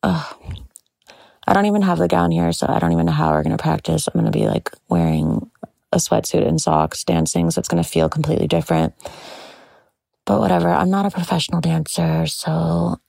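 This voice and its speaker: Gushing woman with heavy vocal fry. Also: low voice, animated, brisk, warm tone, no echo. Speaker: podcast host. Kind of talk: personal monologue.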